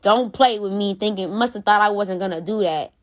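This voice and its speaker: A woman's voice: medium pitch, moderate pace. A woman ranting on a phone live stream, blunt and profane, repeating herself for emphasis. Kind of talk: heated casual rant.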